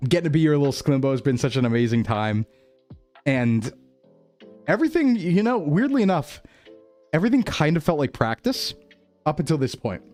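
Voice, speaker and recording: A man's voice: a little high, sing-song, moderate pace, pauses often, darkish tone, faint music behind. A young man streaming as a VTuber, chatting reflectively and rambling, repeating phrases and laughing often. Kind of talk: reflective casual stream chat.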